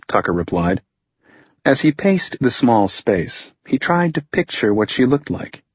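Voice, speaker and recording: A man narrating a thriller audiobook in an even, measured reading, voicing the hero in a dry, understated way. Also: mid-range voice, slightly rough, no room sound, dull audio. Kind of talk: scripted narration.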